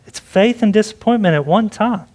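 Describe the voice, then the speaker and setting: A man's voice: high voice, normal speed, darkish tone. A man preaching a sermon as pastor, in a conversational way with frequent "like" and questions. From Texas. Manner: conversational preaching with many likes.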